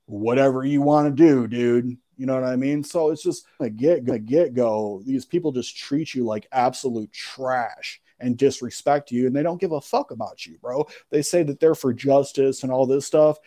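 Male guest, mellow dark tone, laid-back slangy storyteller, swears freely. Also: medium pitch, moderate pace, few pauses. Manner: slangy, profane, keeps saying "bro". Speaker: podcast guest. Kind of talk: casual storytelling.

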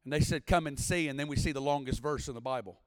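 A man preaching a sermon at a church service, impassioned, building to shouts and sing-song cadences. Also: mid-range voice, quick pace, no echo, in a large hall. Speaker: guest preacher.

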